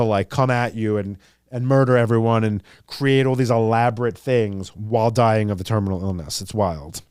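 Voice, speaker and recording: A man hosting a podcast in casual chat, rambling and animated, swearing freely and filling his speech with "like" and "you know". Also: lowish voice, no room sound, clean studio sound. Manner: rambling, animated, profane, full of fillers. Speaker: podcast host.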